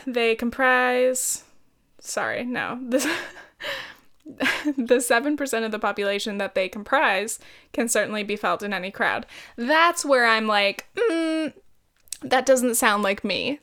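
A woman's voice: a little high, fairly bright tone, smooth. Chatty, giggly young woman podcaster. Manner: chatty, giggly, swears casually, rambling asides. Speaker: podcast host. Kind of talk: casual solo podcast chat. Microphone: podcast mic.

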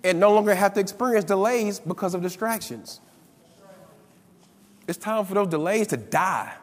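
High-voiced preacher in a reverberant hall. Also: male voice, moderate pace. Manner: emphatic, repeats lines for effect. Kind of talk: sermon. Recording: long reverb of a large hall.

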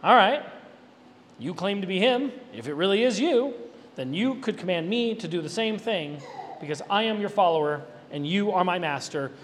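Preacher guy doing a bold impulsive fisherman, lively high voice, big echoey hall. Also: moderate pace, slight background noise. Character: bold, impetuous fisherman disciple, adult man.

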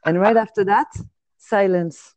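A woman from France with a deep voice and a French accent, chatting casually as a podcast host and cracking deadpan jokes. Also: measured pace, no room sound, lo-fi sound. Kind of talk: casual chat.

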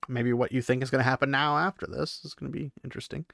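A man's voice: medium pitch, steady tone, fast, vocal fry, fairly bright tone, no room sound, clean studio sound. A young man giving a casual, chatty chapter recap with laughing asides and lots of fillers. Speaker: book recap vlogger.

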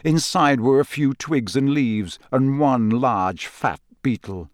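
A man reading a novel aloud as narrator, in a measured, even storytelling way, close to the mic. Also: medium pitch, background noise. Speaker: audiobook narrator. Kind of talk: scripted narration.

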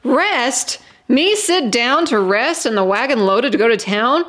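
A woman reading aloud, voicing a weary farm wife of about thirty who talks bluntly with rustic grammar and turns sharp and defensive. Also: on the high side, animated, a little slow. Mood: sullen. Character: worn-out farm wife around thirty, bitter and proud.

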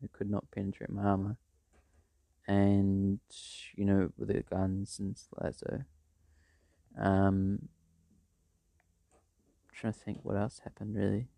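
A man's voice: on the low side, completely flat delivery, takes it slowly, vocal fry, long pauses, dark tone, no echo. A man telling a made-up story in a rambling, casual way, full of fillers and restarts. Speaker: vlogger.

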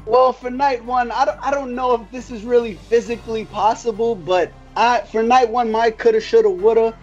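A man's voice: extremely high pitch, fairly even intonation, moderate pace, highs cut off, soft background music. A man co-hosting a casual chat, easygoing with frequent restarts. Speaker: podcast co-host.

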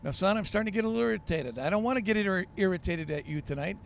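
A man's voice: high-pitched, lively intonation, very fast, creaky, a little hiss or hum, voice pushed up. A man voicing a tired father at bedtime, speaking firmly and scolding with growing irritation. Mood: stern. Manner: firm, scolding, increasingly irritated. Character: tired, exasperated father putting son to bed.

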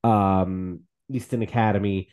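A man's voice: fairly low pitch, fairly even intonation, measured pace, a little mellow. A man co-hosting a casual podcast, retelling events in a loose, rambling way with many fillers. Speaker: podcast co-host. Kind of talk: casual chat.

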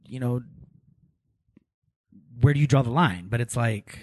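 A man's voice: mid-range voice, a little slow, a little mellow, no echo, studio quality. A man co-hosting a podcast, chatting casually, laughing often and restarting his sentences. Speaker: podcast co-host. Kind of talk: casual chat.

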